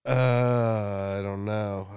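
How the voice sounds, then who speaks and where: A man's voice: on the low side, steady tone, very slow, a little mellow, clean tone, dry recording, clean studio sound. A man in a casual podcast chat, talking hesitantly with many fillers. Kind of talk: casual banter.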